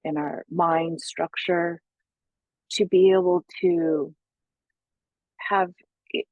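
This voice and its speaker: A woman's voice: lowish voice, sing-song, extremely slow, creaky, dry recording. A woman psychotherapist talking through spiritual practice in a reflective monologue, searching for words with many fillers. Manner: searching, with many fillers and self-quoted asides. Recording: tinny phone-like sound.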